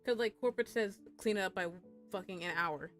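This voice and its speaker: A young woman streamer chats through a workplace story in a loose, profane way. She talks at an ordinary middle pitch, breaks into squeaky high voices for quoted lines, and her voice comes over a desk mic. Faint music plays underneath. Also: a little fast. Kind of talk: casual storytime chat.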